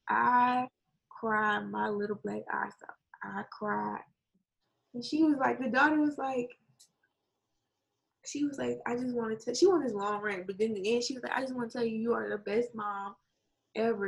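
Creaky-voiced woman telling a story. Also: a little high, low-quality recording. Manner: animated storytelling, acts out quotes; swears casually, laughs often. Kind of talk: casual chat.

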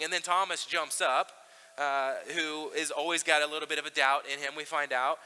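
Guy preaching a sermon, high bright voice, chatty with lots of ums, church echo. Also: fairly even intonation, normal speed, clear, resonant tone. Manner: conversational preaching with fillers and restarts. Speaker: pastor.

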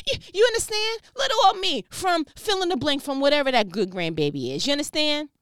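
A woman's voice: high-pitched, big pitch swings, a little fast, hardly any pauses, a bit bright, no room sound, clean studio sound. A woman preaching with fervent, emphatic energy, dropping slang and firing repeated questions, speaking over a phone. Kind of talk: motivational preaching.

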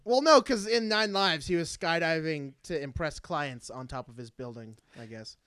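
A man's voice: on the high side, moderate pace, pushed and bright, smooth, dry recording, clean studio sound. A man co-hosting a casual movie podcast, crude and joking, swearing often. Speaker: podcast co-host.

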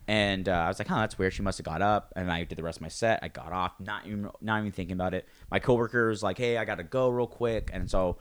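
A man's voice: low-pitched, steady tone, quick pace, few pauses, clean tone. A man who does stand-up comedy, chatting casually and acting out quoted voices as he tells a story. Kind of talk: casual chat.

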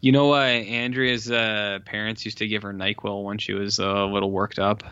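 A man's voice: fairly low pitch, level tone, moderate pace, pushed and bright, clean tone, no room sound. A man co-hosting a podcast, chatting casually about a film with wry, joking asides. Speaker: podcast co-host. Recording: dry, dull lo-fi mic.

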